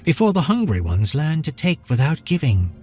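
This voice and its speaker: A man's voice: a little high, sing-song, moderate pace, warm tone, soft background music, voice pushed up. A man voicing an ancient, dying goddess who speaks in solemn riddles. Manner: solemn, cryptic.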